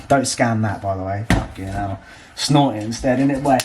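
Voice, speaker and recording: Cheeky, sweary bloke vlogging. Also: male voice, mid-range voice, normal speed, darkish tone, a little hiss or hum. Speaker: fitness coach and vlogger. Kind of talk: casual vlog chat. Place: at home.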